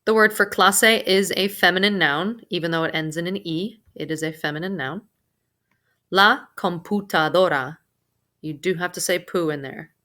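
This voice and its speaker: A woman teaching a recorded Spanish vocabulary lesson, pronouncing each word slowly and carefully with casual asides. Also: on the low side, fairly bright tone.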